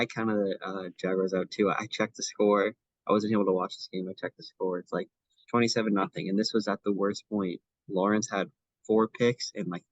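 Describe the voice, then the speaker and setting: A man's voice: sits low, dry recording, dull audio. A young man co-hosting a casual sports podcast, talking in a chatty way with many fillers and restarts. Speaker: podcast co-host.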